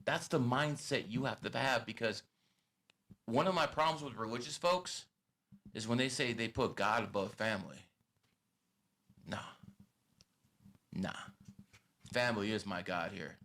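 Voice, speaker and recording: A man's voice: medium pitch, a little slow, pauses often, a bit bright. A man hosting a podcast, giving blunt and profane advice in a lecturing tone. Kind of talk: casual podcast talk.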